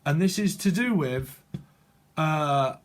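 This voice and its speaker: A man giving a channeled psychic tarot reading, halting and restarting often as he speaks to the viewer. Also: on the high side, lively intonation. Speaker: tarot reader.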